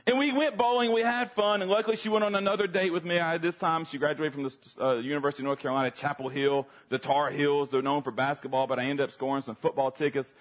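A man with a Southern accent preaching a sermon, telling a funny personal story with lively acted-out moments. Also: on the high side, fast, few pauses. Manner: animated, humorous storyteller, acts out his younger self.

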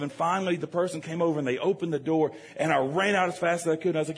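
A man's voice: on the high side, racing, few pauses. A man preaching a sermon, telling a childhood story with jokes and speaking straight to the congregation. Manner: animated, joking, addresses the congregation directly.

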